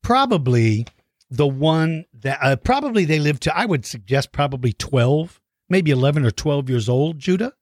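Speaking at a normal speed with lively intonation, this man's slightly high voice comes through a dry, studio-quality recording. He hosts a question show on his own microphone, fielding viewer questions about dinosaurs. His explanations are playful, teacherly and lively, pitched at young viewers.

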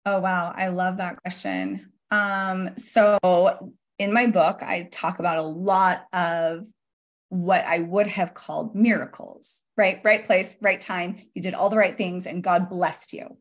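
A woman's voice: fairly low pitch, measured pace. Earnest, reflective woman in her forties. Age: 40s. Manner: earnest and reflective, laughs easily. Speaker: podcast guest, author. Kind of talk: casual interview talk.

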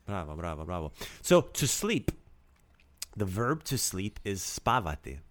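A low-voiced man runs a relaxed podcast language lesson, his pitch swinging widely as he jokes around. He coaches listeners through each word and drills its pronunciation. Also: a little slow. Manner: lively, joking, coaching pronunciation. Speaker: language teacher host.

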